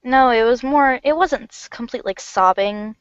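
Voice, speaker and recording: A woman's voice: on the high side, normal speed, clear, resonant tone, no echo. A young woman, likely still in school, talking bluntly and scornfully as a guest in a casual livestream chat. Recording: dry, dull lo-fi audio.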